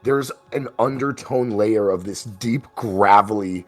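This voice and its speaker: A man's voice: fairly low pitch, measured pace. A man narrating as game master of a tabletop role-playing game, teasing his players and laughing often.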